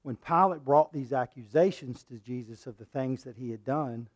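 A male preacher delivering a sermon, reading scripture and swinging between loud, forceful passages and hushed ones. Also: mid-range voice, normal speed. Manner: reads scripture aloud and acts out quoted lines.

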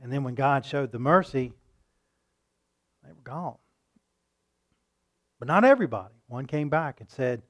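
A man preaching a sermon, asking his listeners questions and acting out loud pleas now and then. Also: mid-range voice, unhurried, long pauses. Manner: shifts between calm teaching and loud acted-out pleading; rhetorical questions to the congregation.

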